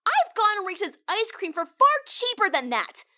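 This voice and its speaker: A woman playing a caller in a comedy prank-call skit, bubbly and quick to get indignant. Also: very high-pitched, very animated, sharp tone. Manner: bubbly, then huffy and indignant.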